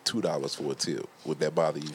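A man's voice: a bass voice, fairly even intonation, fast talker. A man teasing his friends in slangy, casual podcast banter, with faint noise behind him.

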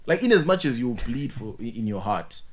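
A young man, chatting casually, animated and joking, full of slang and repeated words. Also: medium pitch, brisk. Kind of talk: casual chat.

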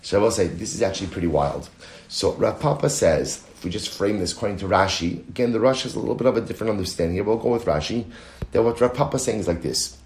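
A man with a low voice leads a Talmud study lesson, explaining each step and reading Aramaic and Hebrew passages aloud. He often restarts his sentences as he works through the argument. The room sounds echoey. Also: fast, darkish tone, slight background noise. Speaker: Talmud teacher.

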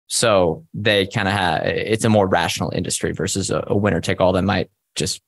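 A man co-hosting a casual podcast, talking in a measured, conversational way with frequent fillers. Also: deep voice, fairly even intonation, gravelly, dry recording, studio quality. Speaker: podcast co-host. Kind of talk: casual investing discussion.

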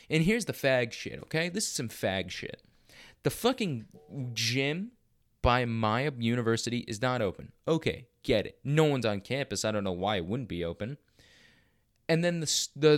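A man in his twenties hosting a podcast, talking in a blunt, profane, rambling rant. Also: medium pitch. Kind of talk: casual ranting monologue.

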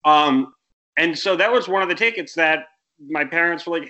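A man's voice: on the high side, animated, fairly quick, sharp tone. A young American man co-hosting a casual sports podcast, rambling and correcting himself, with exasperated rants. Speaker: podcast co-host.

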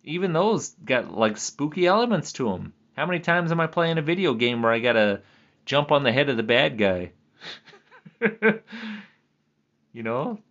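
A man's voice: very animated, moderate pace, long pauses, a bit bright. Chatty mid-range guy, loose and jokey monologue, slightly dull home recording. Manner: chatty, laughs often, jokey pitch swings. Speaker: vlogger. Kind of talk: casual rambling monologue.

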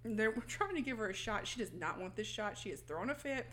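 A woman recaps a film in loose, conversational chat and slips into the characters' voices as she goes. Her pitch sits in the middle of the range. A faint hiss runs under the recording. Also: quick pace. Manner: animated storytelling, acts out characters' lines. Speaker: podcast co-host recapping a film. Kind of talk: casual chat.

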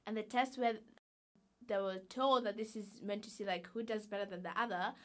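A woman's voice: mid-range voice, normal speed. A young woman, a university student, chatting casually and acting out what other people say. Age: young adult. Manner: animated storytelling, acts out quoted people. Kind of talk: casual chat.

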